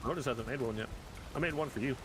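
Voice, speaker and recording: A man in his forties, a streamer telling animated, exasperated stories in casual chat while gaming, with some swearing. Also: medium pitch, fast, slight background noise.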